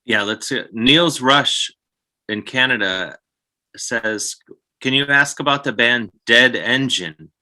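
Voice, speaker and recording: A man's voice: mid-range voice, slow pace, sharp tone. A male talk show host who chats with his guests and reads out viewer questions. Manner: chatty, reacts with short interjections and reads viewer questions.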